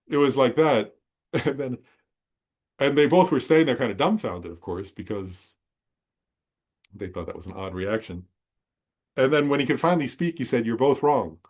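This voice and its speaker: Conversational male Buddhist teacher, mid-pitched. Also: a little mellow. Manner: conversational, rambling, checks understanding with listeners. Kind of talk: dharma talk with personal storytelling.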